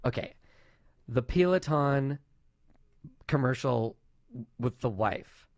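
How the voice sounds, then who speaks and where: Playful podcast host, dry close sound. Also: male voice, mid-range voice, animated, a little mellow, dry recording. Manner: playful, jokey, quick restarts. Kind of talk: casual chat.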